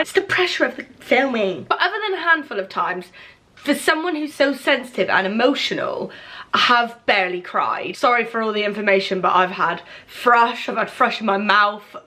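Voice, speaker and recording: A woman's voice: on the high side, bright, forceful tone. A young woman from England chatting casually to her camera at home, rambling and emotional, close to tears at times. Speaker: vlogger. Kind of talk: casual talking-to-camera vlog.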